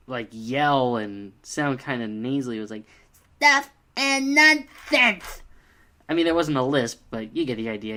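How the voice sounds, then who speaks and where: A young man giving a casual, exasperated video review, full of fillers like "uh" and "like.". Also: medium pitch. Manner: exasperated, animated, many fillers.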